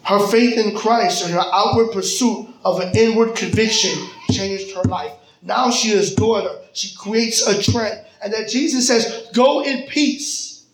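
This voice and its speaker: A male pastor preaching a sermon in a church, with dramatic pauses and rising emphasis. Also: high-pitched, reverberant, rough recording. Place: church sanctuary. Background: soft keyboard music.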